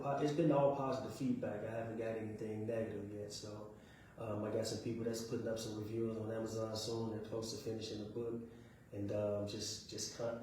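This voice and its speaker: A man from Chicago, a guest author on a radio show, talking in a relaxed, chatty way and often saying "man". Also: lowish voice. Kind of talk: casual radio interview. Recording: echoey room, far from mic, faint noise.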